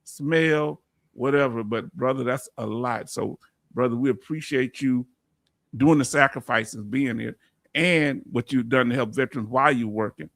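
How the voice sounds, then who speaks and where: A man's voice: mid-range voice, moderate pace, gravelly, fairly bright tone, no echo. A man with a Southern accent hosting a casual livestream chat, reading out viewer comments and calling people brother. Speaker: host.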